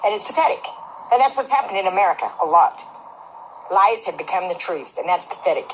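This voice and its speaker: Fast-talking, foul-mouthed ranting woman. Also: fairly low pitch, lively intonation, a little hiss or hum, low-quality recording. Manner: profane, loud and blunt, ranting. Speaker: livestream host. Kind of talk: angry profane rant on a livestream.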